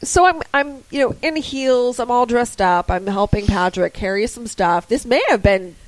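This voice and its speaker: Woman, podcast co-host, high voice, excitable storyteller, dry close sound. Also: moderate pace, dry recording, poor audio. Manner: animated storyteller, excitable and gushing. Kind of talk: casual chat.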